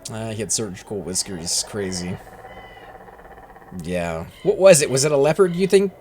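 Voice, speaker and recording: While playing a game, this male host of a gaming video jokes casually with a friend, relaxed and thinking out loud. He has a lowish, darkish voice, animated and moderately paced. A desk mic captures him along with a little background noise.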